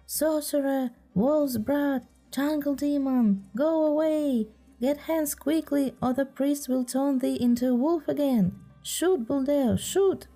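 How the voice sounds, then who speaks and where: Lady reading as an angry mob of villagers, high shrill shouting, mellow tone, storybook. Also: takes it slowly, slightly rough, faint music behind, heavily acted.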